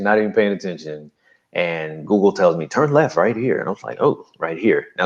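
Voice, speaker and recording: A man recounting a personal story as an interview guest, animated and acting out quotes. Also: low voice, dull audio.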